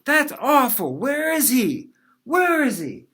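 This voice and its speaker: A man voicing his cranky, forgetful old grandmother, shrill and yelling. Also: expressive, slow, full character voice. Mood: outraged.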